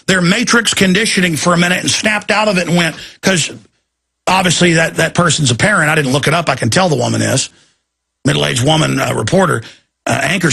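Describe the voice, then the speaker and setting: A man's voice: high-pitched, expressive, normal speed, gravelly, bright, forceful tone, breathy edge. A man hosting a talk-radio show, delivering an agitated, ranting monologue.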